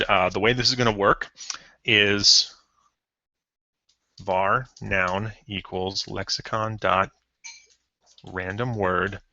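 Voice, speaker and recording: A man's voice: fairly low pitch, pushed and bright, dry recording. A man talking through a live coding session, thinking aloud with frequent ums, self-corrections and the odd chuckle. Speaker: programmer streaming a coding session. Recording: dull lo-fi stream audio.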